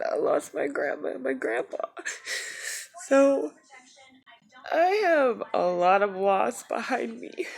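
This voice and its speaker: Tearful woman with a gravelly voice. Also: a little high. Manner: tearful, halting, soft-spoken. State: crying. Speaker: vlogger. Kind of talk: personal video journal.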